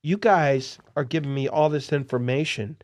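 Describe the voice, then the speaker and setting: A man hosting a podcast, telling poker-dealing stories in an excitable, animated way. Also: fairly high pitch, moderate pace. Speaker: podcast host and poker dealer. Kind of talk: casual storytelling interview.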